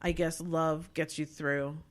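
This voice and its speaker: A woman's voice: sits low, flat delivery, slow. A woman co-hosting a podcast, reviewing a movie in a chatty, rambling way with many fillers. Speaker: podcast co-host. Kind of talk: casual chat, movie review.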